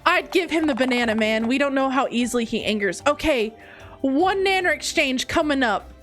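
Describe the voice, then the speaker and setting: A woman's voice: animated, normal speed, fairly bright tone, soft background music. A young woman streaming a game, casual and playful, swinging into dramatic outbursts. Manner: playful, dramatic, swinging between high squeals and mock-low asides.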